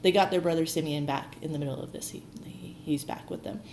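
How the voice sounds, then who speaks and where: A woman archaeology educator with a low, darkish voice retells a Bible story quickly and casually, chatty and full of "like," acting out the quotes. The recording has a roomy echo and faint noise.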